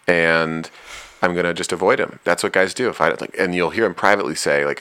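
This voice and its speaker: Offering laid-back relationship advice, this man has a very deep, low voice with a bright, forceful edge. He's blunt and frank, never watering down his meaning, and talks at a moderate pace with a clean sound, like a plainspoken host passing on opinions he learned the hard way.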